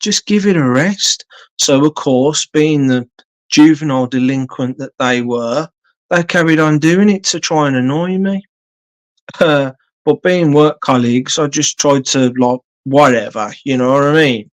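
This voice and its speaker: A man's voice: a little high, steady tone, a little slow. Blunt, sweary man rambling. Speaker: live streamer. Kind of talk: casual live-stream storytelling.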